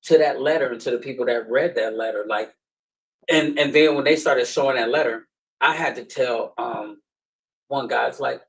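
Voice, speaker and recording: A man's voice: medium pitch, moderate pace, gravelly, low-quality recording. A man hosting a podcast, talking in an emphatic, slangy, preaching way. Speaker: podcast host. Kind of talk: casual chat.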